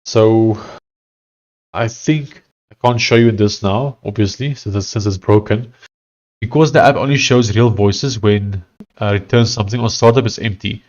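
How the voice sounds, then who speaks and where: This South African man streams himself coding, chatting casually while he thinks out loud, hesitating and frequently starting his sentences over. His voice is lowish and a little mellow, his pace moderate, and the sound quality lo-fi.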